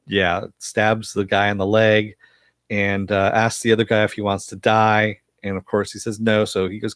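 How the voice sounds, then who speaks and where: A man's voice: fairly low pitch, smooth, no room sound, studio quality. A man casually recapping a TV episode for viewers, rambling with frequent fillers and chuckles. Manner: reads viewer chat aloud. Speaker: TV episode reviewer.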